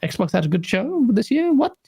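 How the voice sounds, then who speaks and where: A woman hosting a live gaming stream, reading viewer messages and ranting excitedly. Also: a little high, moderate pace, slightly rough. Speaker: host.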